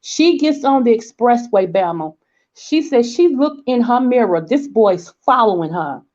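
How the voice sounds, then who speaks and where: A woman's voice: a little high, measured pace. A woman in her forties with a Southern American accent, telling a story in casual chat and acting out the voices of people in it. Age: 40s. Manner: animated storyteller, acts out quoted voices, checks in with "okay?". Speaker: vlog host. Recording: dull lo-fi sound.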